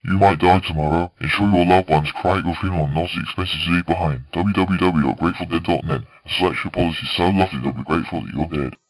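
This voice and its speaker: A man voicing a deep-voiced male insurance announcer with a solemn, smooth sales pitch. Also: fast, few pauses, no echo, low-quality recording.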